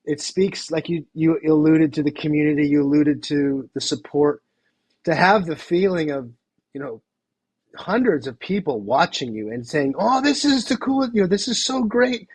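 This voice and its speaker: A man's voice: on the high side, a little mellow, breathy edge, dry recording. A man hosting a podcast interview, enthusiastic and rambling, with plenty of fillers. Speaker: podcast host. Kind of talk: casual interview chat.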